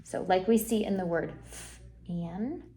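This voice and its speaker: A woman reading teacher giving a one-on-one phonics lesson, encouraging and modelling sounds slowly for a young reader. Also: medium pitch, noisy background.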